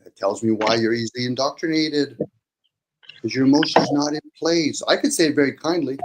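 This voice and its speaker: Casting note: man in casual talk, blunt and profane, mid-pitched voice, faint hiss behind. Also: fairly quick. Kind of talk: casual opinionated chat.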